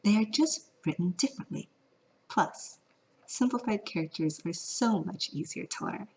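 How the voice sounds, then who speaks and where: A woman's voice: medium pitch, animated, moderate pace, darkish tone, a little hiss or hum. A woman from California teaching a vlog lesson, playful and singing out the example tones. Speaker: Mandarin teacher. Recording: lo-fi audio.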